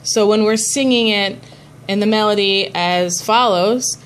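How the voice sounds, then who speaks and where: Slow, patient woman cantor teaching. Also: mid-range voice, a little hiss or hum. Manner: patient, explanatory, breaks into chanted examples. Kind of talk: teaching a prayer chanting class.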